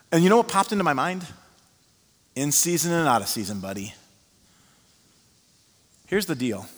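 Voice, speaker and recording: A male pastor preaching a sermon as an animated storyteller who uses many fillers. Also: fairly high pitch, a little fast, long pauses. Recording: long reverb of a large hall.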